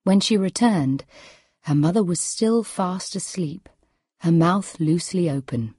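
A woman reading a story aloud in a measured, quiet way. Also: on the low side, breathy edge, no room sound, clean studio sound. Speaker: narrator.

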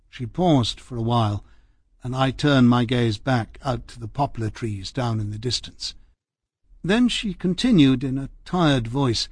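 A man narrating an audiobook in the first person, formal, measured and precise. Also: medium pitch, lively intonation, husky, no echo, studio quality.

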